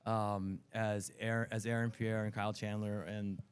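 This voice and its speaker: A middle-aged man, a comic book writer, chatting as a guest in an interview, telling animated stories and acting out quotes. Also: fairly low pitch, moderate pace, clear, resonant tone. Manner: animated storyteller, acts out quotes, laughs often. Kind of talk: casual interview chat. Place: convention floor TV set.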